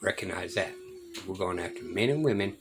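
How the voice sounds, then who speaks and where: A man's voice: low-pitched, expressive, brisk, noisy background. A man commenting on a video, speaking in a preachy way and addressing his viewers directly.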